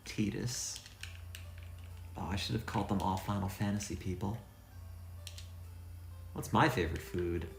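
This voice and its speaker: Low gravelly guy mumbling through a retro game stream, kinda roomy echo, faint game music under it. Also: measured pace, pauses often. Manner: rambling, self-deprecating, thinking aloud. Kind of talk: casual let's-play commentary. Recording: echoey room sound.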